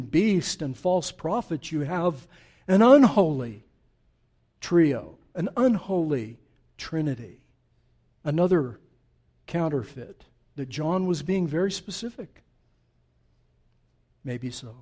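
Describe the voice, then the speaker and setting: Male pastor, high voice, lively emphatic sermon delivery with asides to the congregation. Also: slow pace, long pauses.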